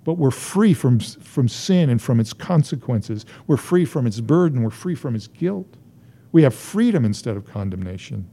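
A man's voice: mid-range voice, very animated, moderate pace, dark tone. A man preaching a sermon as a pastor, driving his points home through emphatic, rising repetition.

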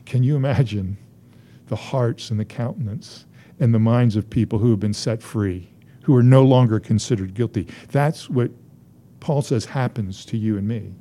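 A man's voice: mid-range voice, normal speed, mellow. A man preaching a sermon as a pastor, driving his points home through emphatic, rising repetition.

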